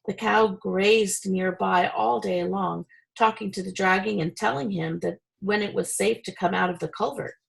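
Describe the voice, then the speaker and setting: A woman reading a children's chapter book aloud in a steady, expressive way. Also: medium pitch, normal speed, gravelly, poor audio. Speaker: reader. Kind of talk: storybook reading.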